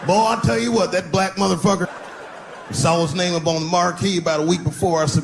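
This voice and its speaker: A man performing a profane, animated stand-up routine, telling a long story. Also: high-pitched, a little fast, creaky, faint music behind. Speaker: stand-up comedian. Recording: live stage recording with audience noise.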